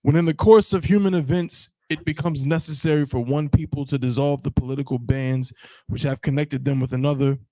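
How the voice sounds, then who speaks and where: A man's voice: fairly high pitch, fairly even intonation, fairly quick, warm tone, no echo, poor audio. Man reading aloud in a class. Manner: reads aloud steadily, urges "come on".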